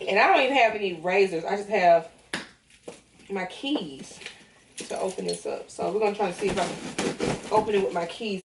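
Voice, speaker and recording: Excited young woman vlogging, roomy far sound. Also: medium pitch, moderate pace, pauses often, noisy background. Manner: excited, rambling, emotional. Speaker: vlogger launching a lash brand. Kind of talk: casual unboxing vlog. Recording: roomy and distant with music behind.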